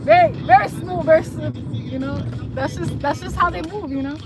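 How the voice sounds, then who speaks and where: A woman's voice: high voice, a little fast, over music, crowd noise. A woman chatting casually on a live stream, teasing her viewers and switching between English and Spanish. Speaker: livestreamer. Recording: noisy street sound behind. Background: traffic and city noise.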